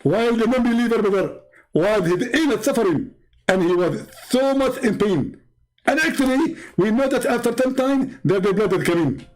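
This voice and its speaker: A man putting on a mocking comic impression of a pompous, smug preacher who speaks halting broken English with stammered repeats. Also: very high voice, expressive, poor audio. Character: pompous smug male preacher, middle-aged, know-it-all.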